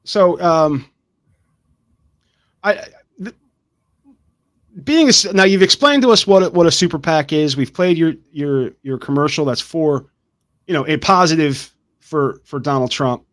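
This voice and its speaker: Male podcast host from New Jersey, high voice, halting and rambling. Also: lively intonation, a bit bright. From New Jersey, United States. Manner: rambling, halting, many restarts. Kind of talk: casual interview chat.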